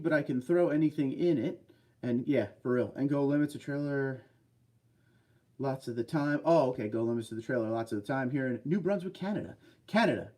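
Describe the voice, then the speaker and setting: A man's voice: mid-range voice, mellow. Guy hosting a livestream from his desk chair, chatty, reads out comments and answers them. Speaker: livestream host. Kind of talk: casual livestream chat reading viewer comments. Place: home desk in a racing chair.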